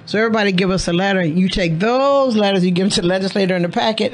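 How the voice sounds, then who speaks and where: A woman's voice: medium pitch, racing, hardly any pauses. A woman radio host talking in a studio, explaining emphatically and acting out quoted dialogue. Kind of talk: casual radio conversation.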